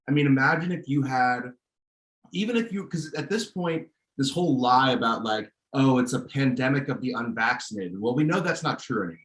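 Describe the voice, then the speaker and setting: Dude co-hosting a podcast, ranting with opinions, mid-pitch voice, echoey room sound. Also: male voice. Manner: opinionated, ranting, with many restarts. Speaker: podcast co-host. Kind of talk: casual chat.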